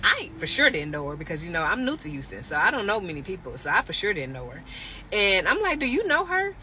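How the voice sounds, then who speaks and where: Brief: young woman vlogger, bright, lively storytelling to camera, faint hum behind. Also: fairly low pitch, fast talker. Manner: animated, dramatic, talks straight to viewers. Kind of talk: casual storytelling vlog.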